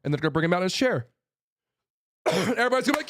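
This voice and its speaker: A host rants bluntly and heatedly, swearing, repeating phrases, and stumbling into restarts as he works himself up into a forceful, fired-up state. His high-pitched voice is sing-song and rapid-fire, broken by long pauses, with a little hiss or hum in the recording.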